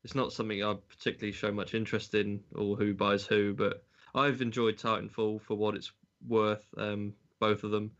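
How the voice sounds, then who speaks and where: A man's voice: on the low side, little pitch movement, normal speed, fairly bright tone. A man co-hosting a podcast in casual chat, hesitant and noncommittal. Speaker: podcast co-host. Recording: dull, lo-fi mic.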